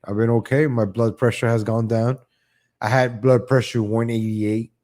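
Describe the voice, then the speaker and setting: This man has a medium-pitched, a little mellow voice with fairly even intonation and normal speed. On his live online show he rants casually and sarcastically, often restating his first words and mocking people through exaggerated voices. He's opinionated, jumping from topic to topic.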